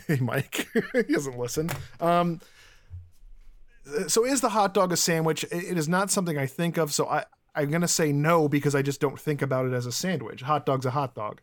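Chatty Chicago man, slightly high voice. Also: expressive, normal speed. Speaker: podcast co-host and editor. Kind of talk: casual chat.

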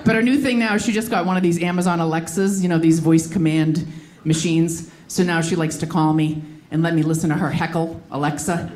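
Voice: mid-range voice, steady tone, a little fast, few pauses, a little mellow. Laughing stand-up comic, noisy clip. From Boston. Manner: chatty storytelling, laughing through lines. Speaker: stand-up comedian. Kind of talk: stand-up comedy routine.

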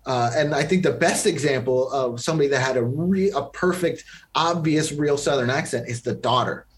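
A man co-hosting a casual film review chat, giving blunt, critical opinions in quick bursts. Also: medium pitch. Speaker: podcast co-host.

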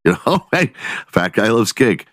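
A low-voiced man hosts his podcast in a loose, foul-mouthed monologue, his pitch swinging widely as he riffs and laughs at his own jokes. The sound is dry and close, with no room around it. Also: very animated, unhurried, a bit bright, no room sound. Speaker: podcast host. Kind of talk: casual comedic monologue.

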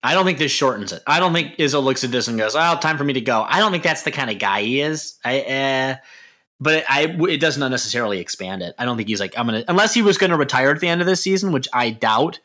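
Lively bright-voiced man co-hosting a podcast. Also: mid-range voice, quick pace. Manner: animated, joking, worked-up rants. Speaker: podcast co-host. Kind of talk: casual sports podcast chat.

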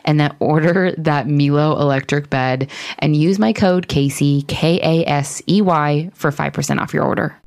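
Low-voiced woman hosting a podcast. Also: normal speed, creaky, darkish tone. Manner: chatty, laughs often, talks while eating. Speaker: podcast host. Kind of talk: casual podcast chat.

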